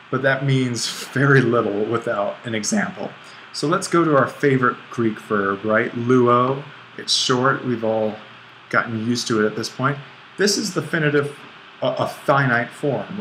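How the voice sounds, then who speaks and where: A man's voice: mid-range voice, fairly bright tone, slight background noise, low-quality recording. A man teaching a grammar lesson over an on-screen whiteboard, thinking aloud and correcting himself as he writes. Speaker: Greek instructor.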